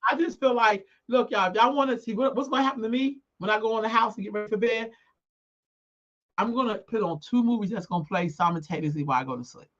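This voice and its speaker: A woman's voice: a little high, fast talker. Outspoken older woman on a dull line. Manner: outspoken, emphatic, swings from calm to heated. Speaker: co-host. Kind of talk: casual chat.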